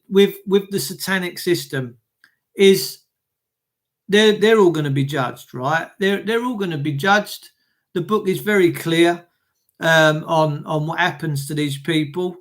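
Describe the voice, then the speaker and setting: A man's voice: high voice, fairly bright tone. A man ranting angrily on a live stream, swearing often, stumbling over his words and reading out comments from viewers. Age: adult with children. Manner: angry, profane, stammering rant. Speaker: livestreamer reading chat.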